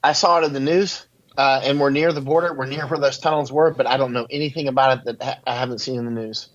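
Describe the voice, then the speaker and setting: A man's voice: medium pitch, steady tone, quick pace, lo-fi sound. A man telling rambling stories as an interview guest, with lots of fillers and laughing asides. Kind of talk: casual interview talk, storytelling. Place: near the southern border.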